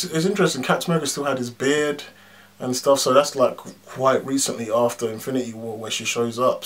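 A man giving a casual film review as a vlog, talking bluntly and animatedly, swearing freely and padding his points with fillers. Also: medium pitch. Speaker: YouTube movie reviewer.

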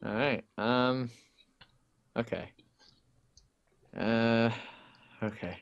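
A man chatting casually with a friend during an online game, rambling with quick asides and many ums and okays. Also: medium pitch, muffled recording. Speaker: gaming YouTuber. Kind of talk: casual gameplay chat.

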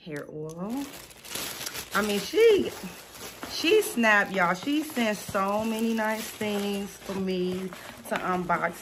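A woman, chatting casually and excitedly as she unboxes gifts at home, calling out to viewers. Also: mid-range voice, slow pace, background noise. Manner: excited, gushing, addresses viewers as y'all. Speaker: small business unboxing vlogger.

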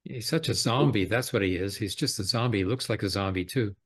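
A man's voice: lowish voice, a little fast, fairly bright tone. A man in casual political chat who rambles and leans heavily on "you know".

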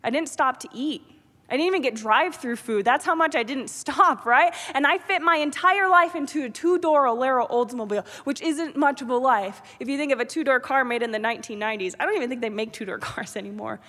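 High-pitched woman from New York, emotional devotional speaker, loud-to-whisper swings, big reverberant hall. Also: brisk. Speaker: public speaker. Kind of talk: devotional address. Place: large theater.

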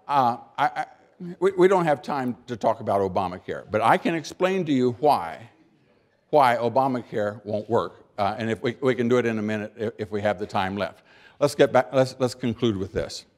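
An older American man delivers a keynote speech in a folksy, storytelling way, acting out small everyday scenes. He leans on pauses for emphasis and often repeats or restarts words as he builds his point. His voice sits at an ordinary middle pitch. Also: a little mellow. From United States. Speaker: keynote speaker.

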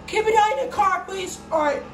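A woman improvising a toy play, voicing several characters and switching voices, with bursts of shouting. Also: very high-pitched, a little fast. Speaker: home video creator. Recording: echoey room with faint background noise.

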